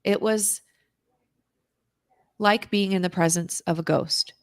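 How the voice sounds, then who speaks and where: A woman, a guest on an interview show, telling an intense personal story in a vivid, dramatic way, at times dropping to a hushed whisper. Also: on the low side, takes it slowly, no room sound, clean studio sound. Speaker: interview guest, recovery author.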